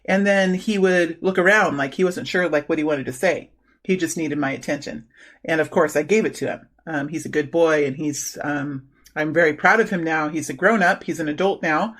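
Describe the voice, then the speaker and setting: A middle-aged woman giving an intuitive tarot reading, talking slowly and haltingly with many fillers and restarts. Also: sits low, a bit bright. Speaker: tarot reader.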